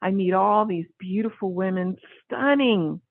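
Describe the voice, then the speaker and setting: A woman with a gravelly edge to her voice tells a story in casual, lively talk. She comes through a narrow, tinny phone line with no room sound at all. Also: mid-range voice, a little slow, dry recording. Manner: animated, acts out quoted voices. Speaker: interview guest.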